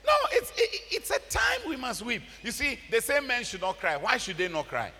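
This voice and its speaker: A man with a Ghanaian accent preaching a sermon, animated, breaking into laughter and shouts. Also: very high voice, moderate pace, in a large hall, slight background noise. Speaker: pastor. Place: large church.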